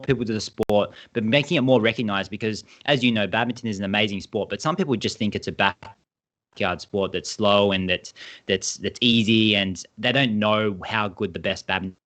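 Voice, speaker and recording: A man's voice: lowish voice, moderate pace, fairly bright tone. A man with an Australian accent, a badminton brand co-founder, explaining at length in a casual interview over a video call. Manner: enthusiastic, rambling explanations.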